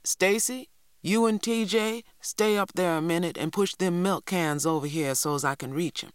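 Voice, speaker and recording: A woman reading aloud voices a stern elderly grandmother, gruff and firm. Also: normal speed, no echo, clean studio sound, lightly acted. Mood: scolding. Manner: gruff, scolding, low.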